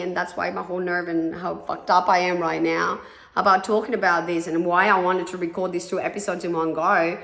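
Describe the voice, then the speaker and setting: A woman's voice: fairly low pitch, fairly bright tone. A woman hosting a podcast, telling her own story in a candid, loose way, swearing often and filling her speech with "like" and "you know". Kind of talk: personal storytelling monologue. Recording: echoey room.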